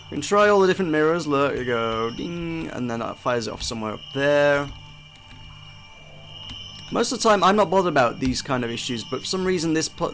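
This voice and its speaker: A man's voice: mid-range voice, a bit bright. Chatty man giving gameplay commentary. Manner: chatty, self-deprecating, frequent restarts. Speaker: game reviewer.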